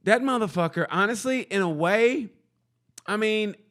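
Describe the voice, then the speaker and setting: A man's voice: sits high, normal speed. A man co-hosting a casual comedy podcast, telling profane stories with acted-out quotes and lots of restarts. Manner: animated storytelling with acted-out quotes. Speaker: podcast co-host.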